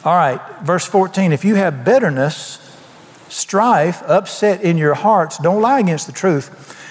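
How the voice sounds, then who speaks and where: A man's voice: high-pitched, expressive, measured pace, in a large hall. An older man preaching a folksy, emphatic sermon, asking the congregation questions. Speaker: pastor.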